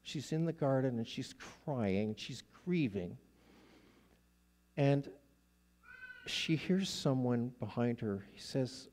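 A man preaching as a guest speaker, telling the story slowly and deliberately with dramatic pauses. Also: medium pitch, animated, warm tone. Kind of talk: sermon.

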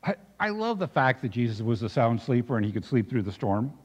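A male pastor preaching a sermon in a reflective way, dropping soft and then rising with emphasis. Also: mid-range voice, big pitch swings, fairly quick, slightly rough. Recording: dull recording with long reverb.

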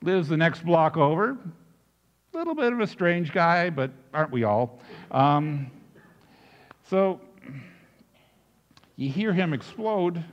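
A man preaching a sermon, telling the story in an animated way with frequent restarts. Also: a little high, slow, pauses often, big-room sound, muffled recording. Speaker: pastor.

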